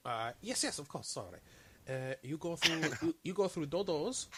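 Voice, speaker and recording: A man voicing a fawning, haggling alien trader who speaks in halting, broken English. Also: a little high, lively intonation, heavy background noise, close to an everyday voice. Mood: eager salesman.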